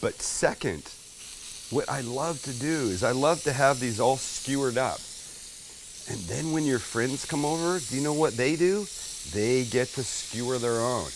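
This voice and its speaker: At a flat-top grill in an outdoor kitchen, a middle-aged man hosts a casual cooking show, chatty and joking as he covers each step. He has a medium pitch and a measured pace. The background is noisy, food sizzles faintly on the grill, and his voice is a little far from the mic.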